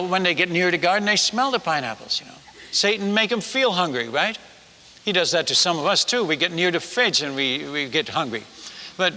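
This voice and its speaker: Bright, high-voiced male preacher, lively storyteller, hall echo. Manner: animated storyteller, folksy asides and restarts. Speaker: preacher and former missionary. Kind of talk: storytelling sermon. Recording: long reverb of a large hall.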